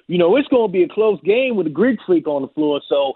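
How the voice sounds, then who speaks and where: A man's voice: high-pitched, animated, a little fast, husky, dry recording. A man arguing basketball takes on a sports talk show, emphatic and confident. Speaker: basketball analyst. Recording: tinny phone-like audio.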